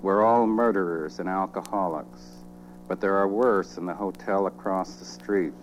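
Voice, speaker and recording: A man reading spoken-word poetry in a dry, deadpan, measured way. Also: deep voice, dull audio, soft background music.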